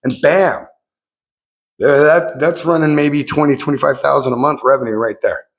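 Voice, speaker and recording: Middle-aged guy rambling on his vlog, swears a lot, voice shoots up when he gets hyped. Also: normal speed. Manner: rambling, profane, jumps up in pitch when excited. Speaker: vlogger. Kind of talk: casual rambling monologue.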